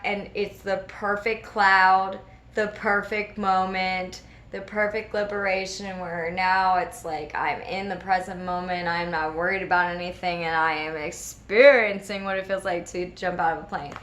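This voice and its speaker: A woman, a regular host of a spiritual video series, telling a personal story in casual, animated talk and acting out the voices of the people in it. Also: medium pitch, moderate pace. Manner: animated, laughing often, acts out quoted voices.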